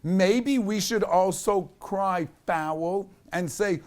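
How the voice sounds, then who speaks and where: A man's voice: sits high, takes it slowly, hardly any pauses, a little mellow. A man teaching a Torah class in a synagogue study hall. He reads Hebrew text aloud, then explains it in English with rhetorical questions. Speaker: rabbi teaching a weekly class. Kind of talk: Torah lecture.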